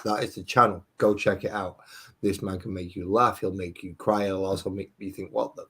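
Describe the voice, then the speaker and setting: Guy on a casual stream, low husky voice, swears a lot, self-deprecating. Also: steady tone, fairly quick, a bit bright. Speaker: stream host. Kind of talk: casual live-stream chat.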